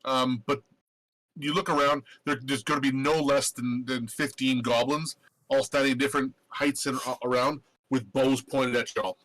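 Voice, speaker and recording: A man narrating a tabletop game as game master, halting with many fillers. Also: medium pitch, steady tone, fairly bright tone, rough recording.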